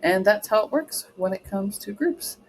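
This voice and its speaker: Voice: mid-range voice, lively intonation, normal speed, a little hiss or hum, poor audio. A travel advisor trainer giving a casual, chatty live walkthrough of a booking website, often checking in with the viewers.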